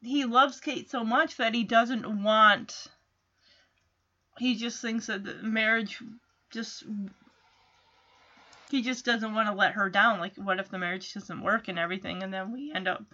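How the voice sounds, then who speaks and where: Woman recapper, slow and chatty, laughs a lot; muffled lo-fi recording. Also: a little high, fairly even intonation, sharp tone. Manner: giggly, chatty, laughs often. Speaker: show recapper. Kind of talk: casual episode recap.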